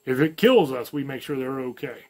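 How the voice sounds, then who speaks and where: A man's voice: medium pitch, expressive, moderate pace, darkish tone. A man from the American South with a light Southern accent, giving a blunt, folksy opinion monologue as a channel host, full of slang and profanity. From American South, mountains.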